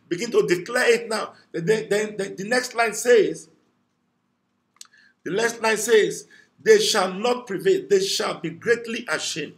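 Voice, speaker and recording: A fervent pastor with a high-pitched voice leads a morning prayer. He preaches in repeated declarations and breaks into praying in tongues. He calls his listeners to decree the verse aloud. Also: a little slow. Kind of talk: morning devotional prayer and sermon.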